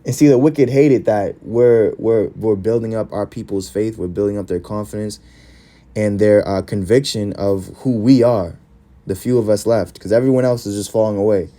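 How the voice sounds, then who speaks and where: A man's voice: lowish voice, fairly even intonation, moderate pace, dark tone. A man preaching, reading scripture verses aloud and following each with short, emphatic comments.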